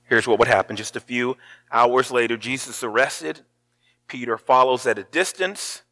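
A pastor preaching a sermon, telling the story with feeling and acting out the lines of the people in it. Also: male voice, mid-range voice, moderate pace, bright, forceful tone.

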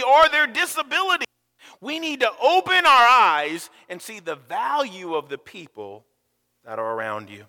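Man, pastor, sermon, bright voice, slightly high, long church reverb. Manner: animated storytelling with sudden loud rises. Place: church sanctuary.

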